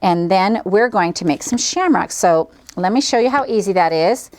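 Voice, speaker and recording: A woman's voice: medium pitch, animated, moderate pace, a little mellow. A middle-aged woman hosting a quilting tutorial, chatting cheerfully and folksily as she demonstrates each step. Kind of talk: friendly craft demonstration.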